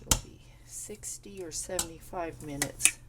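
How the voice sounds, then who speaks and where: A woman talking through home canning in her kitchen, stuffed up and congested, rambling in a relaxed, unhurried way. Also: low-pitched, very noisy. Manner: slow, unhurried, rambling explanations. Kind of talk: casual kitchen how-to chat. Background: kitchen clatter of pots and utensils.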